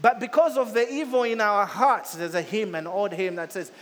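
A male pastor with a notably high voice gives a sermon at normal speed, leaning hard on repeated phrases. He alternates between loud, urgent peaks and softer, lower passages, and the audio carries a long reverb like a large hall.

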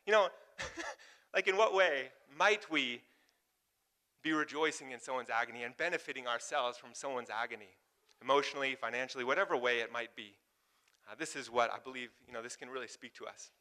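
A man's voice: mid-range voice, fairly quick, bright, forceful tone. A man preaching a sermon in a loose, casual way, often laughing and asking the congregation questions. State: warm and sweating from exertion. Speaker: pastor.

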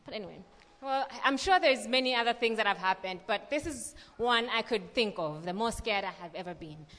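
A woman's voice: a little high, fairly quick. Woman telling a story in a hall. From Malawi. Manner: lively storytelling with many fillers. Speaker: speaker at a church gathering. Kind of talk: scripture reading and personal testimony. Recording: long reverb of a large hall.

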